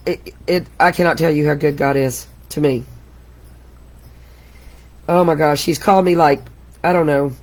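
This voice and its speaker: A middle-aged woman hosting a live craft tutorial, chatty and exclamatory, often laughing at herself. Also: on the low side. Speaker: crafting host.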